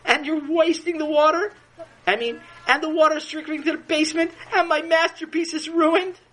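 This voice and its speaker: A storyteller voicing Chaim, a boy artist upset that his picture is ruined, in strained, high cries. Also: fairly even intonation, normal speed, fairly bright tone, poor audio. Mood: distressed. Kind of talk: storytelling with character voices.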